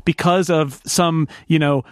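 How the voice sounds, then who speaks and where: Male podcast co-host, somewhat high-pitched, chatty and meandering, recorded dry. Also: steady tone, measured pace, clear, resonant tone, no room sound. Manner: rambling, self-interrupting. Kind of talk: casual chat.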